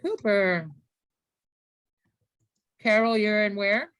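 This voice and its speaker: A woman hosts a casual group video call, chatty and loose, with plenty of fillers and false starts. Her voice sits at an ordinary pitch and sounds close and dry, with no room around it. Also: extremely slow, fairly bright tone, smooth, no echo. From South Florida. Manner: chatty, with many fillers and restarts. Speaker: host of an online healers group call.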